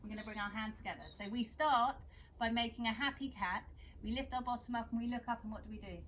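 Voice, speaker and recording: A young woman leads a children's yoga session in a gentle, encouraging way. Her voice sits slightly high. A faint hum of background noise runs underneath. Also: fairly even intonation, fast. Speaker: kids yoga teacher. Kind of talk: guiding a children's yoga class.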